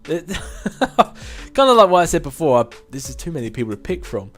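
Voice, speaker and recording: His voice sits a little high and a bit bright, with a sing-song lilt at a moderate pace, and faint music can be heard behind him. He's a twenties-aged gaming video host answering viewer questions in a loose, rambling chat, often chuckling at his own expense.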